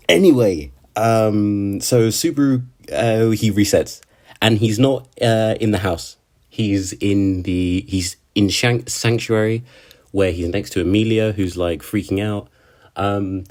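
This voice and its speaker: An anime reviewer with a lowish, darkish voice gives a casual, rambling recap of an episode, chatty and full of slang and restarts.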